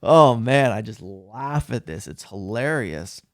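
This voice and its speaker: A man with a middle-pitched voice talks straight to camera, loose and chatty, often breaking into laughter at himself. The sound is dry and close, with no room echo. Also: slow. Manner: laughing, self-mocking, animated storytelling. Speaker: vlogger. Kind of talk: casual talking-head vlog.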